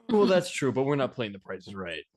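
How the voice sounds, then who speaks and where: A man's voice: medium pitch, wildly swooping pitch, normal speed, dry recording. A man co-hosting a live hockey watch-along podcast, chatting casually and joking with frequent laughs. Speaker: podcast co-host.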